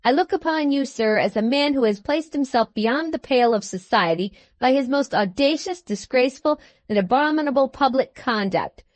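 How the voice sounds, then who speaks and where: A woman's voice: sits high, animated, moderate pace, few pauses, no room sound. A woman voicing a pompous, furious male newspaper editor who blusters with indignation.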